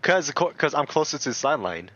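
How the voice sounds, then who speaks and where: A man's voice: fairly high pitch, big pitch swings, brisk, fairly bright tone, muffled recording. A young man telling funny stories in a casual chat, laughing often as he talks.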